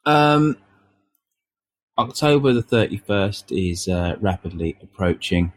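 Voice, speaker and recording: A man hosting a political discussion, asking questions in a halting way with many fillers. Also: lowish voice, lively intonation. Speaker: host.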